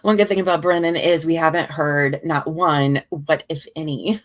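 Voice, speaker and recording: A woman's voice: sits low, fairly even intonation, moderate pace. A tired woman co-hosting a casual trial watch chat, laughing often and poking fun at herself. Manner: chatty, laughs often, self-deprecating. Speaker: co-host of a trial watch show.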